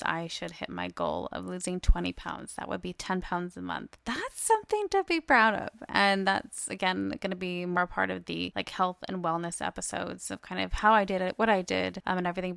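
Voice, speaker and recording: A woman's voice: on the low side, gravelly, fairly bright tone, smooth, no echo. A woman in her twenties hosting a solo podcast, chatty and upbeat with lots of fillers. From United States. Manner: chatty and upbeat, many fillers, laughs often. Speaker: podcast host.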